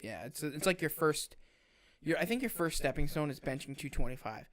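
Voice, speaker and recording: A man's voice: fairly high pitch, lively intonation, a little fast, fairly bright tone. Blunt, swearing young man podcaster. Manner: blunt, swears freely, many fillers. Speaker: podcast co-host, firefighter. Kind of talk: casual podcast chat.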